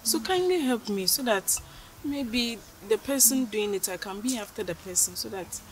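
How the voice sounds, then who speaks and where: A woman's voice: medium pitch, expressive, normal speed, a little hiss or hum, natural voice, low-quality recording. A woman playing a desperate customer who begs for help for a sick companion. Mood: pleading. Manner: pleading, insistent. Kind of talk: short film acting.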